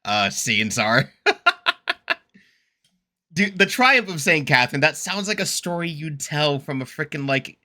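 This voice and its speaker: A man reacts to a video in loose, rambling talk full of fillers and quick laughs. His voice is very bright and cutting, and his pitch swings widely as he works himself into excitable, mock-indignant rants. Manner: rambling, laughs often, heavy use of fillers. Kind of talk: casual reaction commentary.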